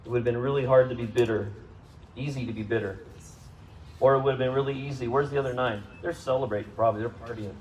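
A man preaching a sermon to a congregation, speaking conversationally, asking them questions and rising in pitch and volume for emphasis. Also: steady tone, fast, darkish tone, dull audio, slight background noise. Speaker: pastor. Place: church service.

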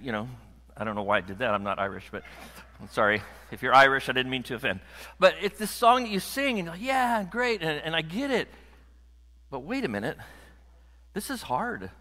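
Middle aged american pastor preaching, bright voice, big echoey church hall, gets loud and punchy. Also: male voice, medium pitch. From United States. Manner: animated, rising to loud emphatic peaks, jokes with the congregation. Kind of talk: sermon.

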